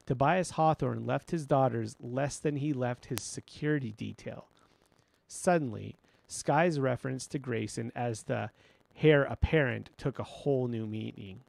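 Male novel narrator, steady storytelling, middle pitch, gravelly texture. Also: a little slow. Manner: steady first-person storytelling. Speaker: audiobook narrator. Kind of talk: audiobook narration.

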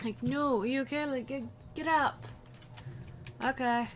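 A woman giving playful, chatty commentary while playing a video game, breaking into sudden high excited squeals. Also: slow, long pauses.

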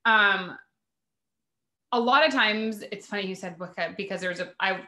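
A woman hosts a casual podcast on spirituality, her voice bright and forward. She talks loosely, leaning on "like" as she goes. The room around her is noticeably echoey. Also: medium pitch, normal speed. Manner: chatty, frequent "like" fillers. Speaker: podcast host.

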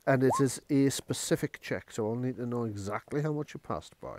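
A man's voice: medium pitch, brisk, background noise. A man running a tabletop horror game as game master, chatty, with many fillers and restarts.

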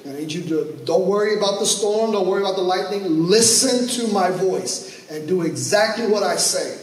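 A composed male air traffic controller, put on by a preacher talks a stranded flyer down step by step, firm and unhurried. His voice sits fairly high. It echoes through a large room, picked up from some distance. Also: close to an everyday voice. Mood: steady, commanding. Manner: steady, firm, instructing step by step.

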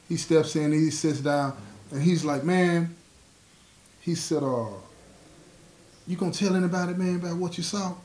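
A man's voice: fairly high pitch, a little mellow, slight background noise. A man telling a prison story in a casual, streetwise way, acting out the dialogue and often asking if you follow him. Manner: streetwise storyteller, acts out dialogue, asks "you know what I'm saying". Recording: roomy echo.

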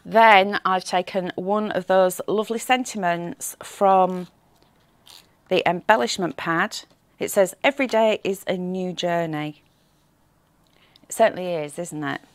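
A woman's voice: fairly low pitch, measured pace, dry recording. A woman hosting a live craft shopping show, chatting and reading out viewer comments in a cheerful, teasing way, with a slight frog in her throat.

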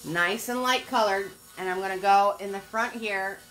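A woman's voice: mid-range voice, normal speed, a bit bright, soft background music. An older woman giving a live painting lesson, upbeat, chatty and encouraging. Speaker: painting instructor.

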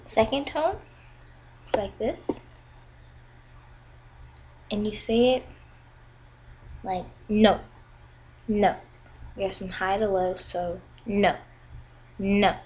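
A young woman talks through a homemade lesson at an unhurried pace, carefully drawing out each example sound. Her voice sits at a middling pitch. A faint noise hangs in the background of the recording. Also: expressive, darkish tone, low-quality recording. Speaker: language teacher. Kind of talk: casual video lesson.

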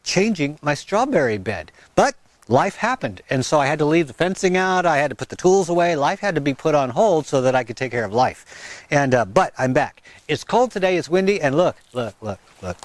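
A rambling, chatty man, talking out in a windy garden. His voice sits a little high for a man. He wanders off topic, laughs at himself, and speaks through a wireless mic with a fuzzy windscreen. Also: big pitch swings, fairly quick, no room sound. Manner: sing-song baby talk to his dog. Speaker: gardening channel host. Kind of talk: casual outdoor vlog.

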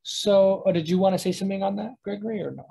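A language teacher rambles through a casual lesson, thinking aloud as he explains, with frequent fillers and restarts. The voice is husky and breathy at an ordinary middle pitch, quick-paced and mellow. Audio quality is poor.

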